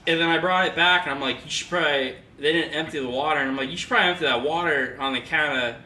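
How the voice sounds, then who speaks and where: A man's voice: fairly high pitch, very fast, sharp tone. A young man, co-host of a casual podcast, telling a long embarrassing story and laughing often. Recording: echoey room, far mic, background noise.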